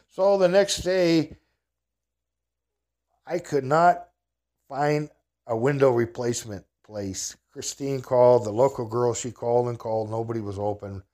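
A man's voice: medium pitch, fairly even intonation, unhurried, mellow. A man telling a casual personal anecdote in a folksy, rambling way, chuckling at his own story.

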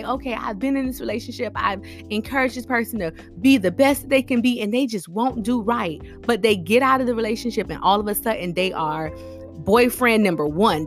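Relationship advice comes from a woman with a fairly high-pitched voice, delivered as an animated, casual monologue full of slang and rhetorical questions.

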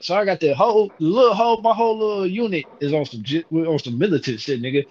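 A man's voice: high-pitched, animated, fairly quick, dull audio. A man telling a story in a casual way, brash and full of profanity.

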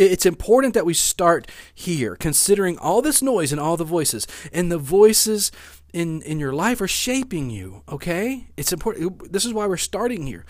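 A man's voice: sits high, a little mellow, no room sound, studio quality. A man preaching a sermon in an earnest way, repeating key phrases for emphasis and often restarting his sentences. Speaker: pastor.

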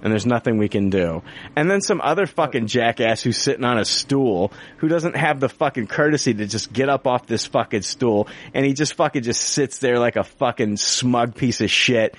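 A man's voice: moderate pace, few pauses. A man telling a long, exasperated story in casual chat, swearing constantly. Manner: heavy swearing, exasperated, lively pitch.

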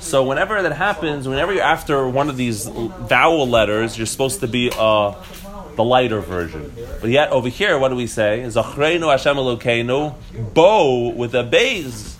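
Man, mid-pitched voice, teacher, casual Torah class, rhetorical questions, restarts. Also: moderate pace, a bit bright.

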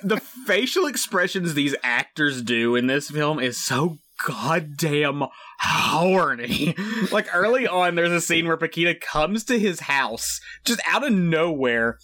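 A man co-hosting a casual movie review podcast, excitable, swearing freely and laughing often. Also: a little high, takes it slowly, few pauses. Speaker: podcast co-host.

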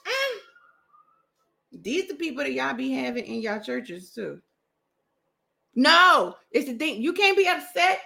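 A woman hosts a podcast and tears into a book with sarcastic, mocking commentary, laughing as she goes. Her voice sits high and bright, and it swoops up and down with lively energy. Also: measured pace, vocal fry, long pauses. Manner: mocking, animated, laughs at her own jokes. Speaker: podcast host.

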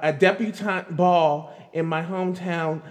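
A man's voice: high-pitched, fairly even intonation, measured pace, in a large hall. A man doing casual pop-culture commentary on a vlog, sarcastic and exasperated, often breaking into laughter. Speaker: commentary vlogger.

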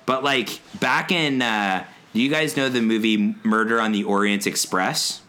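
Bright-voiced man ranting animatedly. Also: lowish voice, measured pace. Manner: animated ranting storyteller, swears a lot. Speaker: podcast co-host. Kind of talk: casual chat.

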